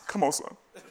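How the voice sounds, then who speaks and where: A man in his thirties, a pastor, preaching a sermon, telling family stories in an animated way, repeating phrases and often laughing. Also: heavy background noise. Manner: animated storytelling, rising to loud excited bursts.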